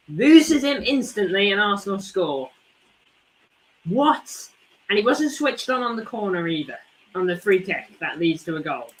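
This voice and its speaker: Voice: medium pitch, a bit bright, poor audio. A football fan hosting a live watchalong stream, ranting in frustration with many rhetorical questions and repeated points. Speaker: fan channel host.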